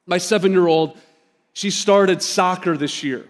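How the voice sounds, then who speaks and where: Male pastor, pretty high voice, chatty storytelling sermon, big church reverb. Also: unhurried. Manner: conversational storytelling, direct asides to the congregation. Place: church sanctuary.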